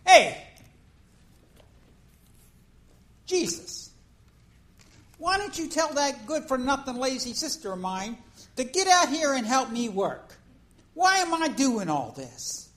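A woman's voice: sits high, sing-song, a little slow, voice pushed up. A woman voicing a harried, fussy housekeeping woman who complains in exasperation about doing all the chores alone. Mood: indignant.

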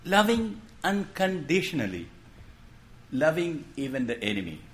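A man preaching a sermon in a gentle storytelling way, posing questions and then dropping his voice to make a point. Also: a little high, sing-song, measured pace. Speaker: pastor.

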